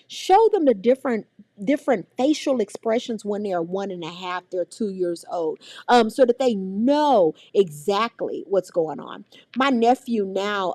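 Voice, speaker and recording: A middle-aged woman, teaching a parenting workshop in an animated way and acting out the voices of scolding adults and children. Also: on the high side, dry recording, clean studio sound. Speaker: early childhood trainer.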